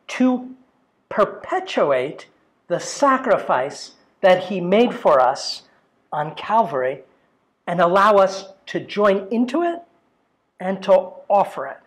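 A man giving an informal catechetical lecture in a parish hall, talking conversationally with many "um"s and tag questions like "right?". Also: high voice. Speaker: theology lecturer. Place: parish hall with a projection screen. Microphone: battery-powered microphone.

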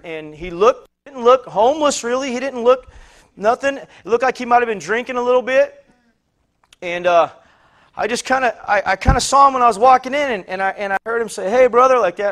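A man with a high voice preaches to his congregation. He tells a personal story in a loose, rambling way, stumbling over repeated words and acting out the people he met. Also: fairly bright tone. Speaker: pastor. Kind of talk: sermon storytelling.

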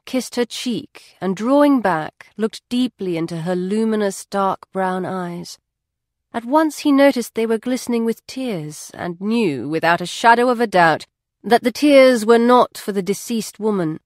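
A woman reading a novel aloud as an audiobook narrator, in an even, measured storytelling voice. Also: mid-range voice, no echo. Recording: dry studio.

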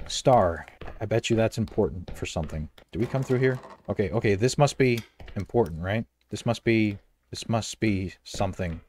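At a moderate pace, a man provides let's play commentary on a horror game, his excitement showing as he says the same phrases over and over. His delivery lurches from quiet muttering to loud outbursts.

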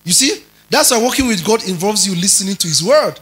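Man, preacher, sermon teaching, bright tone, lively swinging pitch, stresses key words. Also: fairly quick, low-quality recording. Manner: checks in with listeners, tells them to underline words; stretches and stresses key words, rising to loud emphasis.

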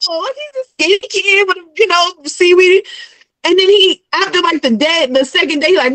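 A woman's voice: extremely high pitch, normal speed, a bit bright, no echo, rough recording. A young adult woman in casual chat, retelling a story with acted-out character voices and frequent laughter. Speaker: guest.

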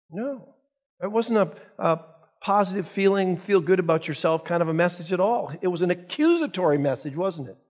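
Male pastor, high voice, Sunday school teacher, asks the class rhetorical questions. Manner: reads scripture aloud.

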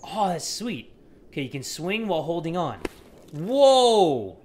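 Excitable young man gaming, high lively voice. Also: a little slow, a little hiss or hum. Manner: excitable, joking, loud outbursts and crude humor. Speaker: gaming YouTuber. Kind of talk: let's-play commentary.

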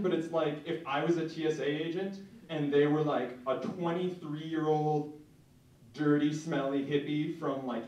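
Young male stand-up, higher voice, self-mocking deadpan, recorded from across a reverberant room. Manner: self-mocking, deadpan asides with many "like" fillers. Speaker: stand-up comedian. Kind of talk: stand-up comedy set. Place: comedy club stage. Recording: echoey room from far off, faint noise.

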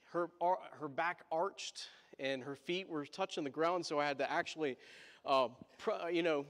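A man's voice: a little high, normal speed, a bit bright, in a large hall. A male pastor telling a story in a sermon, chatty, with asides to the congregation.

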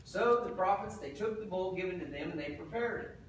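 A male pastor delivers an animated sermon, slipping into casual asides as he retells the story. His voice sits high for a man. The recording is heavily echoey, picked up from a distance in a church sanctuary. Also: brisk, slight background noise.

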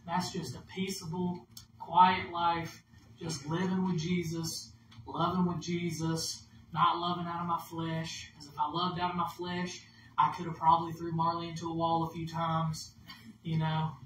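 A man's voice: a little high, level tone, unhurried. A man preaching a casual, conversational sermon as minister, acting out inner dialogue and leading prayer. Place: church hall. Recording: echoey room, distant mic, background noise.

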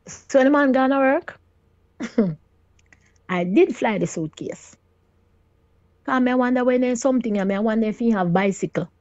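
A middle-aged Jamaican woman pours out her story in patois, animated and full of exclamations as she quotes what others said. The sound is dry and a little dull. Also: on the high side, normal speed, pauses often, dry recording. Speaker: caller sharing her story.

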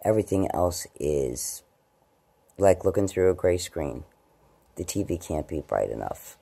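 A woman talks into her camera at home in a low, gravelly voice with a dark, mellow tone. Her pitch swings a lot as she rambles loosely from thought to thought. At times she jumps up high into baby talk with her cats. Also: animated, measured pace. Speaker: vlogger. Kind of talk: casual late-night vlog. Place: at home, indoors.

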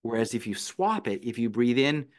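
Man calmly explaining breathing techniques. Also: mid-range voice, moderate pace. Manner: patient, explanatory, walks through steps one by one. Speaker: podcast guest, meditation and breathing teacher. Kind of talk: conversational explanation.

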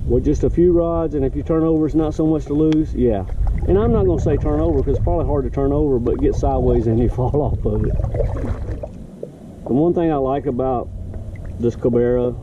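A man's voice: mid-range voice, fairly quick, background noise. Folksy man on a lake. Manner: rambling, self-correcting, folksy. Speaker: fishing vlogger. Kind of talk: casual outdoor vlog narration. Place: kayak on a lake outdoors. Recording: distant, muffled outdoor camera audio.

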